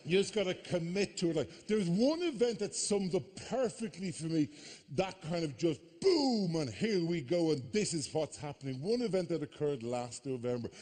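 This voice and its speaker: An Irish man doing stand-up comedy, talking fast and animated, swearing freely and breaking into frantic voices. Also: a little high. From Ireland. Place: theatre stage before a live audience.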